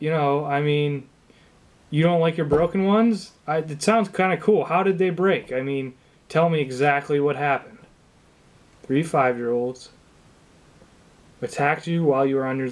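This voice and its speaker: A young man improvising one side of a phone call as a shoemaker, asking a customer question after question in an incredulous, deadpan, mock-supportive way. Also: fairly high pitch.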